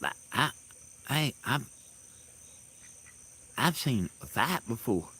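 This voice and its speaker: A man telling rambling stories in a casual monologue, halting and laughing loudly at his own tales, recorded outdoors in the countryside. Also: mid-range voice, very animated, breathy edge. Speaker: host. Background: crickets and insects.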